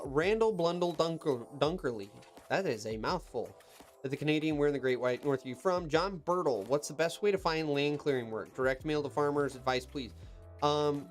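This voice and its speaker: A man who runs heavy equipment, hosting a casual live stream Q&A. He reads viewer comments aloud and answers them with loose, chatty advice, talking from an equipment cab with faint music behind. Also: medium pitch.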